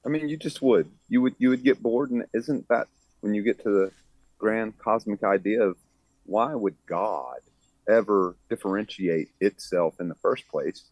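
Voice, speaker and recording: A man's voice: fairly low pitch, moderate pace, a little mellow, no room sound, poor audio. A man co-hosting a podcast, musing philosophically in a casual conversation. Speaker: podcast co-host.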